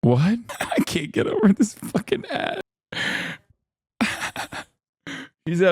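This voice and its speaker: A man's voice: sits high, wildly swooping pitch, very slow, pauses often, breathy edge, no echo, faint music behind. Sardonic, profane male streamer. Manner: profane, sardonic, laughs often. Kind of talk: casual reaction commentary.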